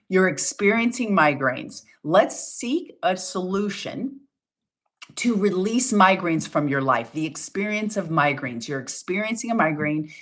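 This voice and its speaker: A middle-aged woman coaching listeners in a motivational talk, emphatic and full of rhetorical questions. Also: mid-range voice. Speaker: wellness coach.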